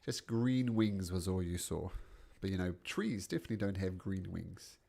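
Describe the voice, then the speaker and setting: A man narrating as game master in a tabletop game, calm and descriptive. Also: low voice, moderate pace, gravelly.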